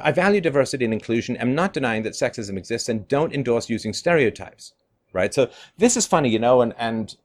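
A middle-aged man giving a monologue commentary, animated, often laughing and mimicking others in mocking quotes. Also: medium pitch.

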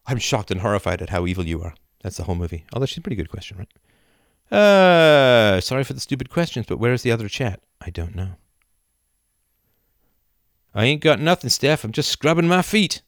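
A middle-aged man hosting a live video chat, reading viewer comments aloud and riffing with animated laughter. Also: on the low side, a little fast, no echo, clean studio sound. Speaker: livestream host answering chat. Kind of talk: casual live-stream chat. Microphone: camera and mic on a live video chat.

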